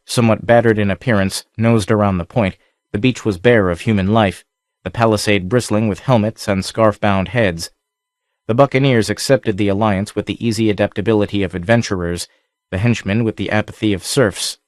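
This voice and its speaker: A man reading an adventure novel aloud in steady, measured scripted narration. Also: fairly low pitch, dry recording, clean studio sound. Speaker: audiobook narrator.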